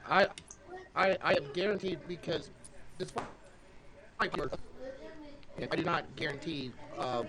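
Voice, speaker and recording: A man co-hosting a live podcast, talking haltingly and tripping over his words. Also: high voice, expressive, crowd noise. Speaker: podcast co-host. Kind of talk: casual livestream chat.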